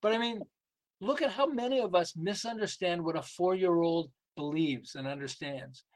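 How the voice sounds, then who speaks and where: A man's voice: high-pitched, normal speed, poor audio. An older man, a guest being interviewed as a sales and behavior coach, telling stories animatedly and acting out voices. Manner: animated, acts out quoted voices, laughs often. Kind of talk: lively interview storytelling.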